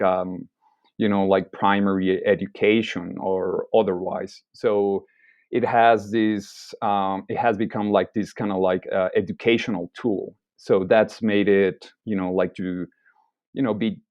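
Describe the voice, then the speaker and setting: A man's voice: fairly low pitch, no echo, dull audio. A man guesting on a casual podcast, speaking thoughtfully and hesitantly, with many fillers.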